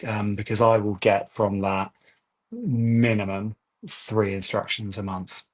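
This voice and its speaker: Guest estate agent, chatty storyteller; low voice that stays fairly flat. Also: male voice, unhurried. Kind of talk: webinar interview answers.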